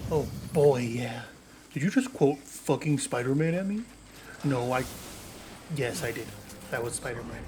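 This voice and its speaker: A man's voice: medium pitch, measured pace, long pauses. A young man streaming a video game, giving casual, sweary commentary and joking with the characters on screen. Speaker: gameplay streamer. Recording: steady background noise.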